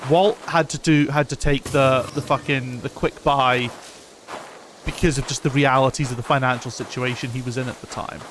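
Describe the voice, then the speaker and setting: A man's voice: mid-range voice, steady tone, moderate pace, noisy background. A man, casually commenting on a game he is playing, chatting with viewers and reading lore aloud, swearing freely. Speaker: game streamer.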